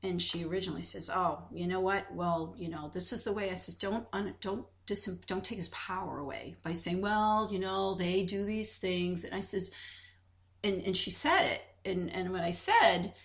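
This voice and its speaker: Speaking at normal speed in a fairly low-pitched voice, this woman co-hosts a podcast in relaxed conversation. Her storytelling is lively, full of acted-out quotes and frequent restarts.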